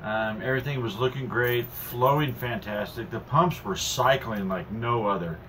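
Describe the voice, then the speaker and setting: A man telling a story in a playful, casual chat that builds in excitement. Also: mid-range voice, moderate pace, distant mic, slight background noise. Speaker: host's husband. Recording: voice a bit off-mic.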